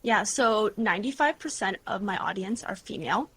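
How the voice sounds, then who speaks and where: A woman in her twenties, a guest creator, chatting casually in an interview with lively storytelling and lots of fillers. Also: medium pitch, normal speed, husky. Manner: bubbly, animated storytelling with frequent "like" and laughs.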